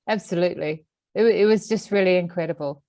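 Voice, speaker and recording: A woman with an Australian accent, an animal communicator, telling a story in an animated way with lots of fillers. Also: fairly low pitch, a little fast, poor audio. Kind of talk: casual storytelling.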